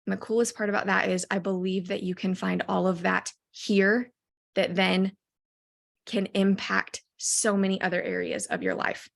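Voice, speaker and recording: A woman's voice: mid-range voice, expressive, moderate pace, creaky. A woman recapping a company event for her team in a casual motivational talk, eager and full of ums and restarts. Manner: enthusiastic, many ums, rambling restarts.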